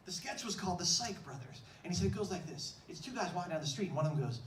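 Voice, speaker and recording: A man telling a comic story on stage in an animated, breathless, exclamatory way. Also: high-pitched, very fast, few pauses, a little hiss or hum. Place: stage in a large room. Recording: echoey stage from far off, faint room ambience.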